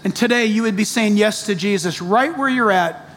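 A pastor preaching a sermon, animated, with joking asides and acted-out quotes. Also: male voice, high-pitched, moderate pace, slight background noise. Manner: animated, jokey asides, acts out quoted voices.

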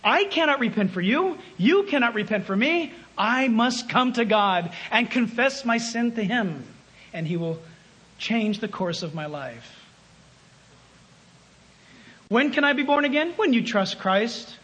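A man preaching a sermon, emphatic, swinging between loud calls and hushed asides. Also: extremely high pitch, animated, a little slow, breathy edge.

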